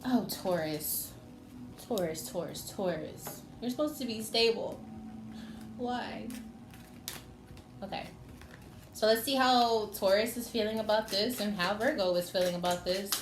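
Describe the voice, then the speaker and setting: A woman's voice: mid-range voice, steady tone, moderate pace, long pauses. A woman giving a casual tarot reading, chatty and teasing, talking straight to the signs she reads for. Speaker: tarot reader. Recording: echoey room with faint noise.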